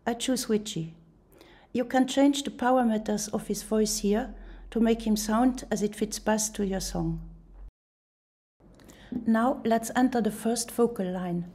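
A woman explains a music software tutorial in a calm, step-by-step voice-over. Her voice sits a little high but sounds soft and mellow.

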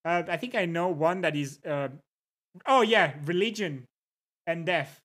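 A livestreamer chats at a relaxed, drawn-out pace over a desk microphone. Viewer names get a quick hello between musings, and funny words get repeated just to savor them. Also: mid-range voice. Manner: reads chat aloud and greets viewers between musings. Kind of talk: casual livestream chat.

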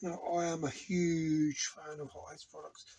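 A man from England talks slowly in a high, slightly husky voice. He rambles happily and tastes aloud as he reviews a sauce from an indoor home studio. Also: little pitch movement, a little mellow, low-quality recording. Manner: enthusiastic, rambling, tasting aloud. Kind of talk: casual product review vlog.

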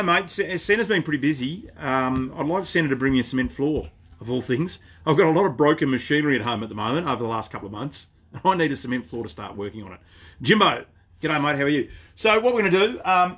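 A man's voice: mid-range voice, fairly bright tone. Laid-back Australian man greeting viewers. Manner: chatty and laid-back, greets viewers by name mid-sentence. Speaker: shop owner hosting a live stream. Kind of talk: casual live-stream chat. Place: inside his outdoor shop.

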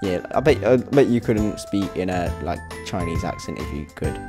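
A man's voice: low-pitched, lively intonation, normal speed, over music. A young man hosting a game channel, giving let's play commentary in an exasperated, rambling way with swearing. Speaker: gaming channel host.

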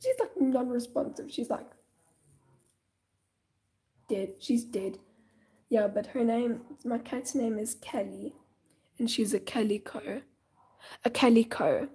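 Breathy teen girl chatting on a live stream. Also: fairly high pitch, slow pace, pauses often, mellow. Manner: chatty, dramatic, drifting into whispers. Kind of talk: casual live-stream chat while coloring.

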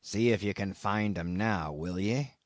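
A man voicing a strange, cryptic old sailor who speaks slowly and in a wondering, halting way. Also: lowish voice, no echo, studio quality, voice pushed down, natural voice. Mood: cryptic, ominous. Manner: slow, wondering, halting speech.

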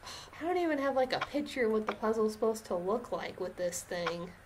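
A woman's voice: a little high, animated, a little fast, a little hiss or hum, rough recording. Sighing woman playing a game. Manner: frustrated, sighing, rambling. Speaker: let's-play gamer. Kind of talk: casual gameplay chat.

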